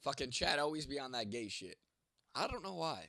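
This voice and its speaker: Profane, rambling livestream host, dry sound. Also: male voice, medium pitch, big pitch swings, moderate pace, vocal fry, sharp tone, no room sound. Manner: profane, rambling, talks straight to viewers. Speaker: livestream host reading chat. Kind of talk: casual live-stream chat.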